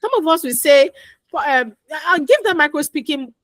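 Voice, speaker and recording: A woman's voice: high voice, lively intonation, normal speed, a bit bright, no echo. A woman coaching parents in a chatty talk full of stories, repeating her advice and acting out little dialogues. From Nigeria. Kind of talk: instructional talk with anecdotes.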